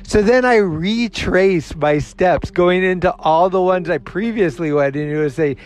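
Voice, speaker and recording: A man telling a story in a casual monologue as a show host. He is animated, acts out the other people's lines, swears freely and laughs at himself. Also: high-pitched, a little slow.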